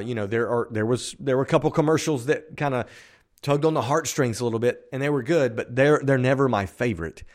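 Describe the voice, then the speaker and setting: A man hosting his own podcast, talking casually and upbeat, a self-described optimist who rambles with restarts and fillers. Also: mid-range voice. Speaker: podcast host. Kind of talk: casual solo podcast talk.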